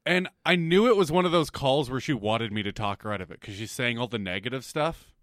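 A man co-hosting a podcast, teasing his friend bluntly and deadpan. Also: medium pitch, brisk, dry recording, clean studio sound. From Canada. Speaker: podcast co-host. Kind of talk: casual banter.

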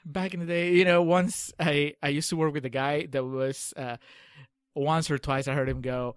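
A man's voice: on the high side, steady tone, moderate pace, smooth, no room sound, studio quality. A man co-hosting a podcast, chatting wryly about a movie and acting out lines from it. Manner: wry, puts on quoted lines. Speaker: podcast co-host. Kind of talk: casual film-recap chat.

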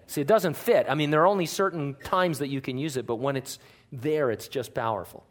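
A man, a pastor, giving a conversational sermon in church, joking and often changing his pitch and loudness. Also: brisk.

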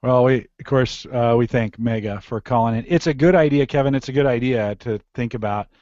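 A man's voice: medium pitch, steady tone, fairly quick, a little mellow, dry recording. Jokey male podcast host. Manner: loose, jokey, restarts. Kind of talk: casual tech podcast chat. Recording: dry lo-fi podcast mic.

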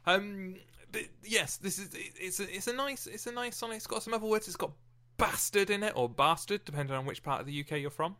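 A man co-hosting a casual, animated chat about poetry. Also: sits high, fast talker, hardly any pauses.

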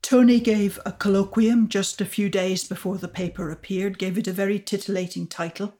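An older woman, an astrophysicist guest, recounting her discovery in a measured, explanatory way. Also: medium pitch, fairly even intonation, dark tone. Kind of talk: storytelling interview answers.

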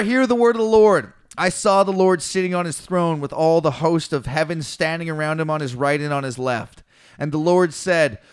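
His voice is a little high, clear, and resonant as he casually reads out a passage of scripture for the podcast he co-hosts. Along the way he mimics the figures and retells the story through slangy asides laced with swearing.

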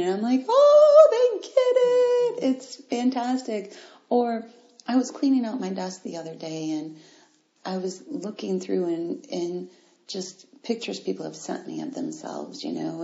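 A woman hosting a motivational podcast, speaking directly and encouragingly to her listeners in an animated way. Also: on the low side, moderate pace, vocal fry. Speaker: podcast host. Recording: roomy, dull lo-fi sound.

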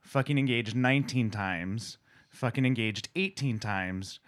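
A man hosting a podcast, asking questions in a laid-back, steady way. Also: medium pitch, measured pace. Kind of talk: casual chat.

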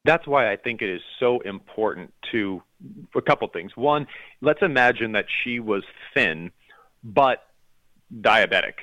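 A man's voice: lowish voice, lively intonation, a little slow, sharp tone, dry recording, low-quality recording. A man as a health expert guest, explaining research in an urgent, emphatic way. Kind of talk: explanatory interview talk.

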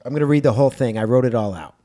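A man co-hosting a movie podcast, chatting casually. He is joking and animated. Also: mid-range voice, rapid-fire. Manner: joking, animated, reads text with mock gravitas. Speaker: podcast co-host.

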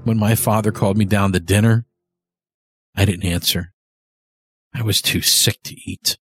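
A man reading a horror story aloud in first person, measured and often slowing down for tension. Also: steady tone, soft background music. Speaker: narrator. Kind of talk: scripted horror story narration. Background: faint cello and double bass score.

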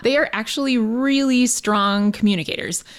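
A woman's voice: fairly high pitch, normal speed. A woman who manages a wildlife program, talking informally and enthusiastically in a radio segment, with fillers and the odd laugh.

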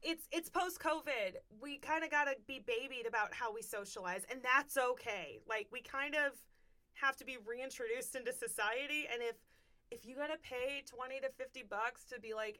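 A woman's voice: fairly high pitch, normal speed, sharp tone. A woman from North Carolina, co-hosting a podcast, chatting in a bubbly, joking way. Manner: bubbly, joking, laughs often. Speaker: co-host and actress. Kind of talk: casual chat.

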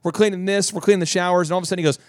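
Male radio host, rapid, animated storyteller, dry close sound. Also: sits high, dry recording. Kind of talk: storytelling on a talk radio show.

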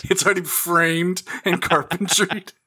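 A man's voice: high voice, flat delivery, a little slow, pushed and bright, husky. A man co-hosting a casual podcast, adding dry, wry remarks while recapping a film. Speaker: podcast co-host. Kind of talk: casual chat recapping a movie.

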